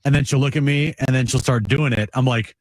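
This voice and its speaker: A man co-hosting a sports talk show, telling relaxed stories in casual chat. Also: mid-range voice, fairly quick, dry recording.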